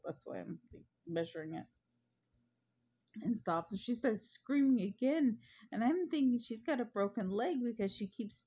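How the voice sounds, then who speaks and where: Giggly chatty woman, mellow lo-fi sound. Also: mid-range voice. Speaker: vlogger. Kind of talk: casual chat. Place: at home.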